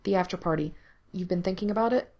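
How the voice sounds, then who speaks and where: A woman voicing an eager, nervous young man who tumbles over his words in quick replies. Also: sits high, a little mellow. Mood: eager, flustered.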